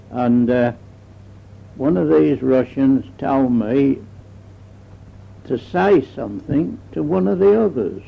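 Older man, slow and husky, telling a rambling old-time story; muffled archival tape. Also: mid-range voice. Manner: rambling storyteller, repeats "I said", chuckles at memories. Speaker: veteran recounting war memories. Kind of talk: oral history recollection.

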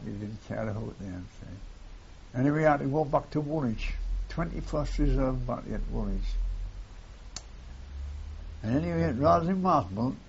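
Older man telling war memories, gravelly, rambling, muffled old tape. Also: mid-range voice, a little mellow. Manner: rambling, repeats phrases, tags lines with "see". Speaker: war veteran interviewee. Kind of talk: oral history reminiscence. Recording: dull lo-fi tape with faint hiss.

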